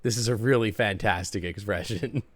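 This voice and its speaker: A man's voice: fairly low pitch, normal speed, no room sound. A man commentating a game on a live stream, playful and joking. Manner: playful, joking, laughs often.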